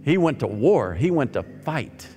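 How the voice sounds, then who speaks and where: A male pastor preaching a sermon, swinging from loud emphatic lines to soft, near-whispered ones. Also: medium pitch, big pitch swings, measured pace. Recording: long hall reverb with faint music.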